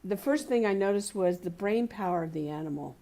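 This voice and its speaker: Speaking in a community center hall at a spiritual community service, a woman delivers a conversational sermon full of everyday stories. Her medium-pitched voice is expressive and a little fast, and she tells warm anecdotes with laughter and playful quoted voices.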